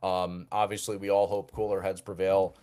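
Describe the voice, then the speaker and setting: A man from New Jersey hosts a live call-in show in an easygoing, conversational way. His voice sits a little low, and he often doubles words as he restarts his sentences. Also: little pitch movement, normal speed, warm tone, clear, resonant tone. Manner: chatty, repeats words as he restarts. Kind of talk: casual live call-in chat.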